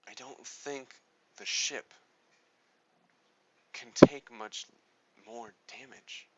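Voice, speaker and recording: A man voicing a grim male ship captain fleeing pirates, speaking in halting, dramatic pauses. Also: mid-range voice, steady tone, very noisy.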